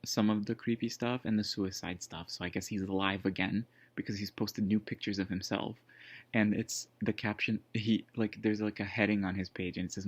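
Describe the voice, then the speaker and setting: A man's voice: fairly low pitch, no room sound. A man casually telling a personal story, rambling with lots of fillers and restarts. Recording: dull lo-fi dry sound.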